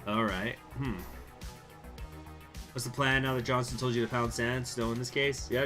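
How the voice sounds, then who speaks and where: A man's voice: medium pitch, steady tone, moderate pace, long pauses, over music. A man hosting a strategy game playthrough, mumbling asides and reading the game's event text aloud in a casual way. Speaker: gaming channel host.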